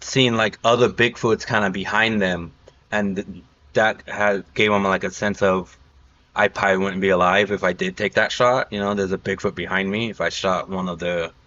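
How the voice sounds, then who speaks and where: A man's voice: deep voice, steady tone, moderate pace, sharp tone, dull audio. A man hosting a casual podcast chat, rambling through stories with lots of fillers. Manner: rambling, filler-heavy storytelling. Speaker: podcast host.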